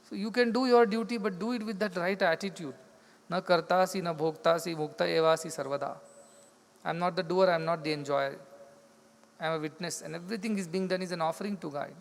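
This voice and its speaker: A man's voice: sits high, brisk, creaky. A man with an Indian English accent giving a spiritual discourse, explaining through repetition and acted-out stories. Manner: explains with repetition, acts out quoted voices. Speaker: spiritual teacher. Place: large hall. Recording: long hall reverb.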